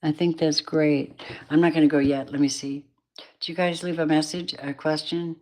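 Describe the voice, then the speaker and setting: A woman with a low voice gives a live tarot reading late at night. She sounds tired and drowsy. She rambles warmly and calls her viewers babies and darlings. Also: steady tone, normal speed. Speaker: tarot reader.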